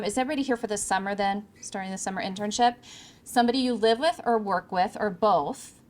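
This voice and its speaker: A woman from California giving a projected, emphatic talk to an audience of interns on a microphone in an event room. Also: medium pitch. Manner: projected, emphatic coaching delivery. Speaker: speaker. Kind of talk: presentation to interns. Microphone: handheld or podium microphone.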